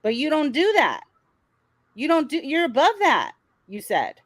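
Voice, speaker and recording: Female vlog host, higher register, sarcastic and blunt, dry close sound. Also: huge pitch swings, unhurried, no echo, poor audio. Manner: sarcastic, blunt, swears freely. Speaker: commentary channel host. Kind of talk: casual commentary with reactions.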